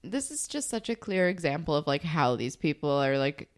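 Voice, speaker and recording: A woman's voice: low voice, very animated. Chatty young woman, emphatic podcast co-host. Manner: chatty and emphatic, quick reactions. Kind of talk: casual chat recapping a TV episode.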